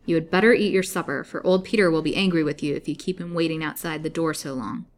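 A curt, acid-tongued old jailer woman, as a woman reader puts her on. She snaps out her lines with grim spite. The voice sits low. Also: fast talker, close to an everyday voice. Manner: curt, snapping. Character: sharp-tempered, vicious old female jailer.

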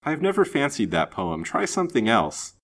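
A man's voice: medium pitch, huge pitch swings, fairly quick, pitched above the performer's own voice. A man voicing a vain, scheming young woman in a storybook reading, coaxing and pettish, then plaintive.

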